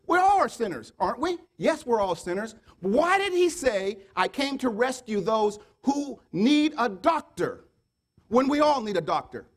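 A man preaching a sermon, firing repeated rhetorical questions at the congregation and swinging from loud urging to low murmured asides. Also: very animated, measured pace.

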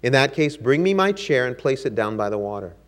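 Brief: male preacher doing an aging king, regal, measured, commanding. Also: mid-range voice, very animated, close to an everyday voice. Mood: regal, mocking. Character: proud old king, commanding the tide, later humbled.

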